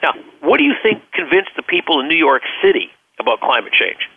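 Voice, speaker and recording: This business leader, interviewed on the radio by phone, speaks a little fast in a slightly high, sing-song voice. He tells stories earnestly, often repeating words as he searches for them, and the line sounds dry and tinny.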